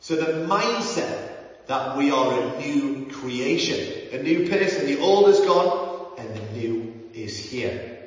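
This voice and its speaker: A man's voice: medium pitch, lively intonation, takes it slowly. A man preaching a sermon in an earnest, conversational way, with frequent ums and restarts. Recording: roomy, echoey hall, mic at a distance, dull sound.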